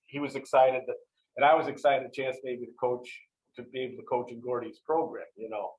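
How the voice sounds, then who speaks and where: A man's voice: medium pitch, fairly quick, lo-fi sound. A man, a longtime football coach, telling stories in an interview and acting out the exchanges he quotes. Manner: animated, acts out quoted exchanges. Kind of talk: storytelling interview.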